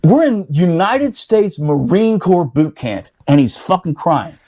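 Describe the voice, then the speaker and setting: A middle-aged man telling a boot camp story on a podcast, profane and animated, laughing as he talks. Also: high-pitched, a little slow. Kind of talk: casual storytelling chat.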